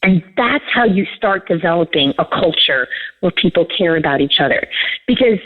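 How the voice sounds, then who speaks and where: A woman's voice: on the low side, normal speed. A woman, a leadership coach, giving interview answers and telling stories with acted-out dialogue. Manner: animated storytelling, acts out quoted dialogue. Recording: tinny phone-like line.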